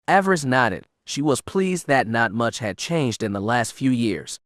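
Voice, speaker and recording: A male audiobook narrator reads in a steady, even manner at a mid-range pitch. The recording is close and dry, with no room echo. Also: a little slow, few pauses. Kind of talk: scripted narration.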